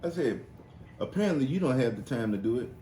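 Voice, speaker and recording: A man hosting a podcast, telling stories in an animated, profane, casual way and putting on high voices for the people in them. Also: quick pace. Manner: animated, profane storytelling with high-pitched impressions. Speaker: podcast host. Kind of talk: casual storytelling chat. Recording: roomy echo, faint noise.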